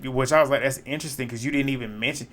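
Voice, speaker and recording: A man recapping a reality show in casual commentary, blunt, opinionated and quick to swear. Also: mid-range voice, steady tone, fairly bright tone.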